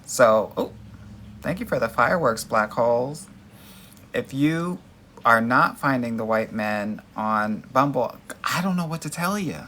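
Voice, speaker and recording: In a casual livestream, a man answers dating questions from viewer comments, sassy and emphatic, addressing his audience as girl and honey. His medium-pitched voice is animated, bright and forceful, his pace a little slow, with slight background noise.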